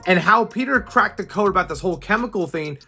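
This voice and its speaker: A young man casually recapping a comic, excited and slangy, acting out the scenes. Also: sits high, fast talker, vocal fry, soft background music. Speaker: comic book reviewer.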